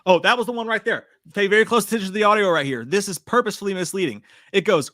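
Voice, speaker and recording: A man hosting a live breakdown stream, rambling and cursing as he reads viewer comments. His voice sits a bit high and rings bright and forceful. The sound is close and dry with no room echo. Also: big pitch swings, fast. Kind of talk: casual live trailer breakdown.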